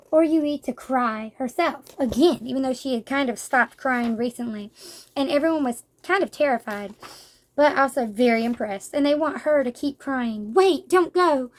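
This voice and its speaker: A woman with a bright, high voice talks through a manga review. She retells the plot loosely, in a rambling, conversational way. Her speech is full of casual fillers and asides.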